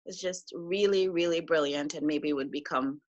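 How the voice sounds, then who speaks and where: A woman's voice: low voice, moderate pace, highs cut off. A woman doctor talking about her practice as an interview guest, upbeat and chatty. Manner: upbeat, chatty, self-amused. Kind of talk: interview conversation.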